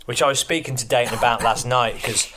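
A man hosting a casual interview, asking measured, articulate questions. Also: mid-range voice, crowd noise. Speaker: podcast host.

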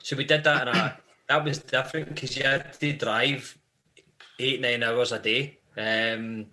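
A man's voice: mid-range voice, fairly even intonation, unhurried, pushed and bright. A Scottish man, a guest in a live podcast interview, telling long rambling anecdotes about life on the road. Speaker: band member guest.

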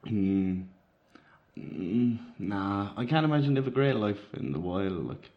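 Rambling young Irish man, lowish voice. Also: animated, a little slow. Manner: rambling, filler-heavy, easily amused. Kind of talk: casual chat. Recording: dull lo-fi recording.

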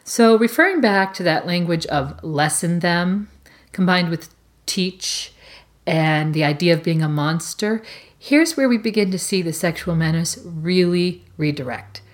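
A woman co-hosting a podcast, reading out a measured, prepared analysis of a novel. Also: on the low side.

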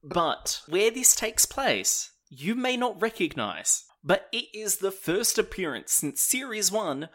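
Man, podcast co-host, bright tone, enthusiastic, jokey, casual review chat. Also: high voice, big pitch swings, slow. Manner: enthusiastic, jokey, frequent restarts.

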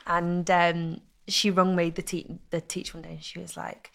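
A young woman, telling stories in a casual interview with lively, laughing chat. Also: on the low side, moderate pace, gravelly. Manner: chatty, animated storytelling with laughs. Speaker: guest, content creator.

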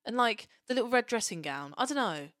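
A young Englishwoman co-hosting a podcast in casual chat, animated and sweary, acting out characters as she talks. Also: a little high, a little fast, no room sound, studio quality. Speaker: podcast co-host.

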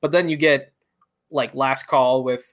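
A man's voice: mid-range voice, steady tone, unhurried, a bit bright. A man co-hosting a late-night podcast stream, joking dryly and reading out viewer comments. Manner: dry, joking, trailing off. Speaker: podcast co-host. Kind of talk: casual chat.

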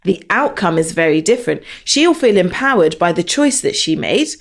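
A woman co-hosting a podcast, an animated storyteller who acts out the people she quotes. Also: lowish voice, normal speed, creaky. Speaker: podcast co-host. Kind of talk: casual conversation.

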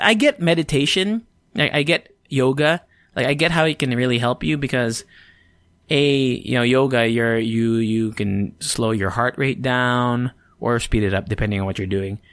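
A man's voice: medium pitch, a bit bright, dry recording, studio quality. Sleepy man rambling on a podcast. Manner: rambling, swears freely, self-interrupting. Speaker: podcast host. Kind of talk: casual solo podcast chat.

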